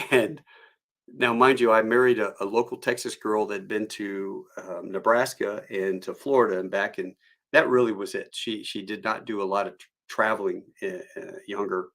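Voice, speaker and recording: Gravelly-voiced man spinning rambling stories on a live stream, chuckling as he goes. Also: on the low side, fairly even intonation, moderate pace, a bit bright. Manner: rambling anecdotal delivery with chuckles. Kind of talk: storytelling.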